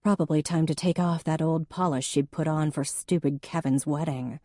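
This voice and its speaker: Low, mellow female audiobook narrator, measured and even, dry close mic. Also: no echo. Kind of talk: scripted narration.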